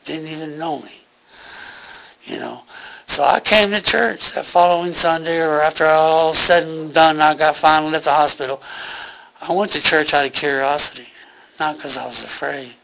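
A man's voice: a little high, steady tone, normal speed, vocal fry, a bit bright, rough recording. A man giving an earnest, rambling personal testimony about a near-death experience, full of fillers and restarts.

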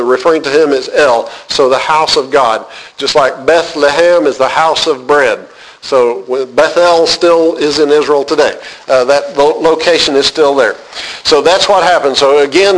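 Higher-voiced man teaching a Bible class. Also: a bit bright, slight background noise, rough recording. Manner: unhurried, reads scripture aloud then explains with many "uh" pauses; asks the class questions.

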